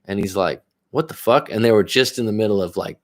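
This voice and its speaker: Low-voiced man telling a rambling story. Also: quick pace. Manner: rambling, profane, self-interrupting. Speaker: life coach. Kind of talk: casual storytelling on a live stream.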